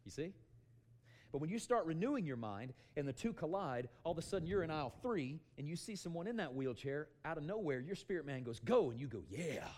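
A middle-aged man preaching a sermon, telling animated stories and calling out "amen" to the congregation. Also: on the high side, quick pace. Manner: loud, animated storytelling with calls of "amen".

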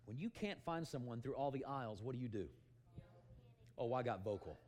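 Animated man preaching a lively sermon. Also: mid-range voice, brisk. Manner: loud, animated storytelling with calls of "amen".

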